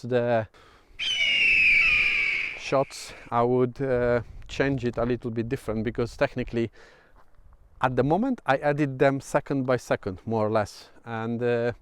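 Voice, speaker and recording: A man with a Polish accent rambles through a casual vlog update, pausing often on fillers and restarting his sentences. His voice is smooth and resonant, recorded close and dry with no room sound. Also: medium pitch, steady tone, a little mellow, dry recording. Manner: hesitant, many fillers and restarts. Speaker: vlogger. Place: outdoors at sunset.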